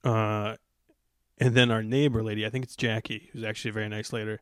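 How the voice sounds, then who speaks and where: A man's voice: lowish voice, flat delivery, fast talker, clear, resonant tone, no echo. Laid-back male podcast host, dry sound. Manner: laid-back, rambling, calls listener "man" and "dude". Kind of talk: casual storytelling chat.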